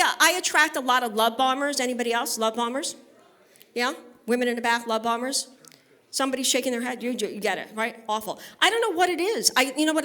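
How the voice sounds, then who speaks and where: A Brooklyn, New York woman performs a brash, chatty stand-up set on stage at a live benefit event, full of bawdy stories and crowd work. Her voice sits on the high side with a sharp tone.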